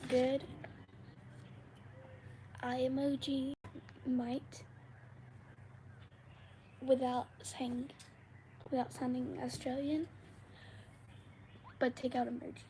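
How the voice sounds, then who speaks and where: A young woman with a high, mellow voice hosts a casual live Q&A, rambling to her viewers at an unhurried pace. She sometimes slips into a whisper mid-thought. A faint background noise sits under her voice. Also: flat delivery. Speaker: livestream host.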